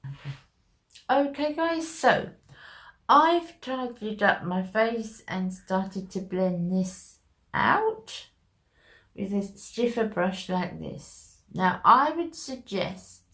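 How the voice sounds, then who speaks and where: A woman's voice: medium pitch, sing-song, very slow, a bit bright. A woman talking viewers through a makeup tutorial in a chatty, step-by-step way. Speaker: makeup vlogger.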